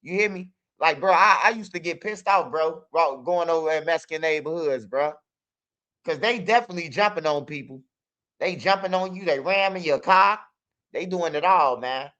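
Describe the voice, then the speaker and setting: A man's voice: a little high, moderate pace, bright, forceful tone, muffled recording. A young man telling street stories in a loose, casual monologue, tossing in "bro" a lot. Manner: streetwise, loose, peppers talk with "bro" and "you hear me". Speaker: channel host.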